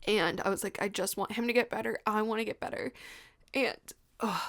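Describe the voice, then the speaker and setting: A woman's voice: medium pitch, normal speed, fairly bright tone. A young woman telling her birth story on a podcast, often laughing through tears and saying "like". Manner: tearful, laughing through tears, fills talk with "like". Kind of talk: emotional personal storytelling.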